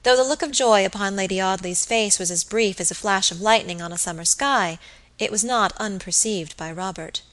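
A woman reading a classic novel aloud as an audiobook narrator, with steady, even storytelling. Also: medium pitch, moderate pace, poor audio. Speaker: audiobook reader. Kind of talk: scripted narration.

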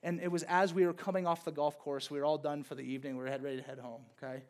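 High-pitched male pastor; relaxed, rambling storyteller style in a sermon. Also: racing. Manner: casual storytelling, lots of fillers like "like" and "okay".

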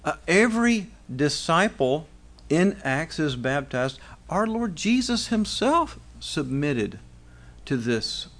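Animated man preaching a sermon. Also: fairly high pitch, slow. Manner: conversational preaching with rhetorical questions and frequent restarts. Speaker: pastor.

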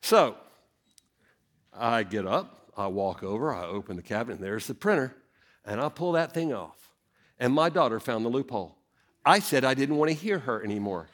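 A middle-aged man, a senior pastor preaching a sermon and telling a family story with dramatic swings in his voice. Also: normal speed. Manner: animated, dramatic storyteller with big swings in pitch.

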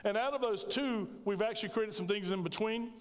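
High-voiced pastor preaching. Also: male voice, brisk. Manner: storytelling, animated, jokes with congregation. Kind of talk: sermon. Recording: reverberant church sanctuary.

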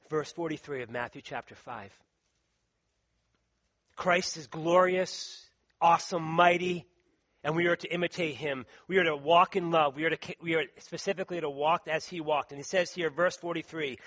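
A man preaching a sermon, reading scripture aloud and speaking earnestly and emphatically, with a tickle in his throat that keeps him clearing it and coughing. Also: on the high side, moderate pace, long pauses, fairly bright tone. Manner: earnest, emphatic, stretches out key words.

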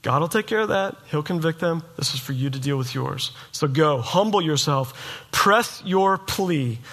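A middle-aged man preaching a sermon, emphatic and animated, sometimes mimicking his listeners in mock voices. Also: fairly high pitch, normal speed. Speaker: pastor.

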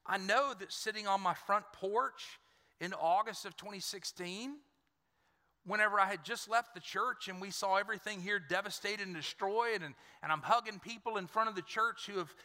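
A man's voice: high voice, moderate pace, bright, forceful tone. Male pastor, emphatic sermon, repeats himself, long hall echo. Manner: emphatic, repeats words, calls out to congregation. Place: church sanctuary. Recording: church hall reverb.

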